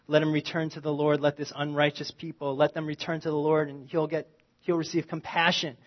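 A man preaching a sermon in a conversational, animated way, swinging from loud emphasis to quiet asides. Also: fairly high pitch, fairly quick, dull audio. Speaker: pastor.

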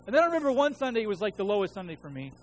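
Very animated and racing, a high-pitched man in his thirties preaches as a pastor, with faint music behind him and poor audio. He recounts a personal story in a casual, conversational manner. Along the way he acts out quoted voices, his own and God's.

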